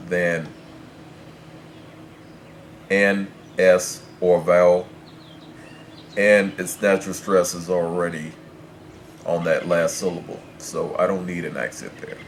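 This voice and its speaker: Deep-voiced man teaching slowly. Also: slight background noise. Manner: slow, patient, spells words letter by letter. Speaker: Spanish teacher. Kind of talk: explaining pronunciation rules.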